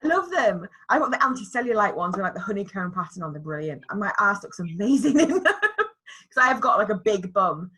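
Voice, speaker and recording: Bright-voiced chatty woman. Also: medium pitch, big pitch swings, fairly quick, breathy edge. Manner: chatty, laughs often, trails off with fillers. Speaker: podcast co-host. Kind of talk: casual chat.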